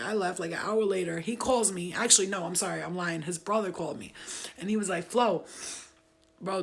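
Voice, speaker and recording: Host: husky, gravelly New woman, animated and foul-mouthed, telling stories straight to camera. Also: mid-range voice. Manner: animated, profane, laughing. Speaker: storyteller host. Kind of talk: casual storytelling live stream.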